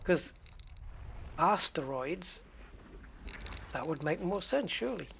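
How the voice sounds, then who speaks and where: A man in his fifties from the UK, speaking with a British accent. He rambles in a relaxed, joking way while streaming a space game, and his voice sits a touch higher than most men's. A faint hum runs underneath. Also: slow, creaky. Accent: British English. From United Kingdom. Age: 50s. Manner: rambling, chatty, jokey asides. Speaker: gaming streamer. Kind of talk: casual chat while playing a space game.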